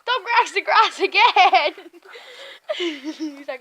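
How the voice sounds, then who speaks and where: A very high, bright voice that bounces all over its range, belonging to a woman vlogging at home. She giggles constantly and chats excitedly to her dogs. She takes her time, with an unhurried pace. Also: no room sound. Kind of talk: casual home vlog.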